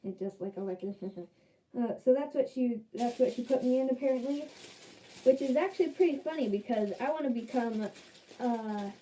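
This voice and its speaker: A woman's voice: on the high side, moderate pace, warm tone, a little hiss or hum, poor audio. A young woman chatting casually in a vlog, rambling and exasperated with lots of fillers. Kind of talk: casual vlog chat while dyeing hair.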